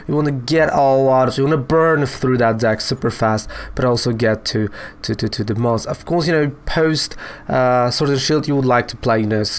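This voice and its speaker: Casual game streamer, man, medium pitch, chatty and self-joking. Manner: chatty, peppers talk with "right?" and "you know"; joking, self-mocking asides. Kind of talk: casual gameplay commentary.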